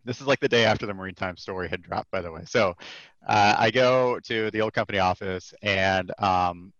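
A comic creator in his thirties, appearing as a podcast guest, tells a casual story in an animated way, laughing often and using lots of filler words. His voice is fairly low and a little fast, with no echo and the highs cut off.

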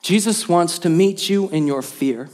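A man's voice: high voice, measured pace, a little mellow. A male pastor preaching a sermon, earnest and repeating key phrases for emphasis, with light joking asides.

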